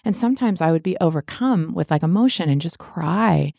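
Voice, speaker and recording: A middle-aged woman talking openly and reflectively as a podcast guest, lively when she quotes other people. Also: lowish voice, brisk, gravelly, dry recording, studio quality. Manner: open, reflective, animated when quoting others. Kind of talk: candid podcast conversation.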